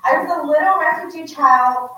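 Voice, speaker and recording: A woman's voice: sits high, normal speed, far from the mic, muffled recording. A woman author giving an unplanned, heartfelt personal story to a live audience in an echoey room. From United States. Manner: earnest, heartfelt, animated. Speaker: author and guest speaker. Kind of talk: unprepared personal storytelling talk.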